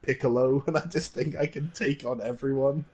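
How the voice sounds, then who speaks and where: A man's voice: medium pitch, fairly even intonation, moderate pace, a little mellow, breathy edge. A young man co-hosting a podcast, telling rambling anecdotes in casual chat and swearing freely. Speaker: podcast co-host.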